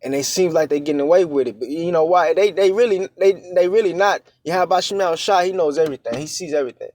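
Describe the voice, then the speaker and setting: A man preaching in a loose, conversational way, often stopping to check that his listener is following. His voice sits a little high for a man and sounds dry and close, with no room around it. He stumbles through fillers and restarts, then slows down to read verses with care. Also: darkish tone, no echo. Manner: conversational, checks in with frequent "all right?" and "man"; halting, with many fillers and restarts. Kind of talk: informal scripture teaching.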